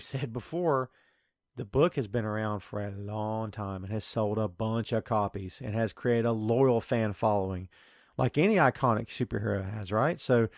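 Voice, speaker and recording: A man's voice: medium pitch, creaky, no room sound, studio quality. A man hosting a podcast in casual chat, ranting in an exasperated way. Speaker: podcast host.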